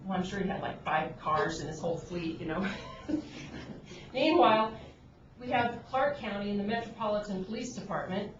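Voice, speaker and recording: At a government meeting in a conference room, a woman from an agriculture board speaks earnestly and pointedly in a mid-range voice at normal speed, often restarting sentences. The distant room mic makes her sound roomy and dull against constant background noise.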